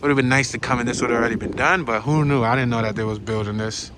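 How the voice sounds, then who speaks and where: A man narrating a casual walking tour through town, talking to viewers in an excitable, slangy way. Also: mid-range voice, quick pace. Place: outdoors on town streets. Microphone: handheld camera on a gimbal. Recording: outdoor street noise.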